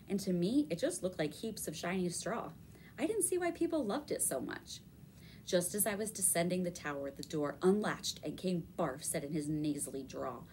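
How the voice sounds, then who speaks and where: Brief: low-voiced woman reading a kids' book aloud, faint background hiss. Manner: expressive storytelling. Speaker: reader. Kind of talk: reading a children's novel aloud.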